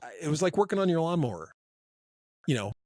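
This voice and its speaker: A man co-hosting a podcast, telling a long story in a rambling, animated way. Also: fairly high pitch, fast talker, no room sound, low-quality recording. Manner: rambling, animated, acts out quotes. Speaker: podcast co-host. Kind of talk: casual storytelling.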